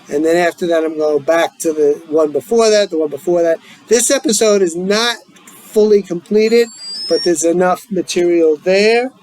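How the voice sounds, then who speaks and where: A man's voice: fairly high pitch, darkish tone, poor audio. A man, the writer and host, reading his own screenplay aloud with plain stage directions and friendly direct address.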